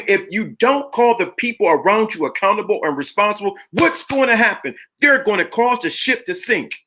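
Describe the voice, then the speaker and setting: Here is a middle-aged man with a high, bright voice giving a motivational talk live to his viewers. He is preachy and emphatic, hammering each point with repeated phrases, and his voice sits well above the usual male range. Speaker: live stream host.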